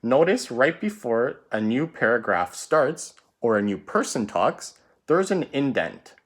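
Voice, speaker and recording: A man leads a recorded writing lesson for his students and walks through each punctuation rule one careful step at a time. His pitch rises and falls a lot as he explains. He keeps checking in with a quick "right?" as he goes. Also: sing-song. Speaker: teacher.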